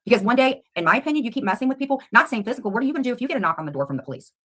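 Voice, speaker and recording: A woman on a livestream, confronting a rival head-on with rapid, combative questions. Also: a little high, expressive, pushed and bright.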